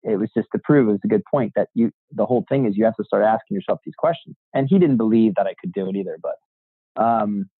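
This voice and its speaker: He has a low-leaning voice with a breathy edge and talks fast. A real estate agent appearing as a guest, he recounts his story in a casual interview, voicing the people he quotes and swearing freely. The audio is dry and thin, like a phone call.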